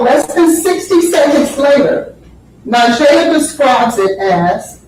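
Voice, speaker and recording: Brief: female defense attorney, high voice, unhurried and pointed, heard from across a booming courtroom. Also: animated, a little mellow, a little hiss or hum. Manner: deliberate, emphatic, repeats phrases for effect. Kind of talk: courtroom opening statement. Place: large courtroom. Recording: very echoey courtroom audio from far off.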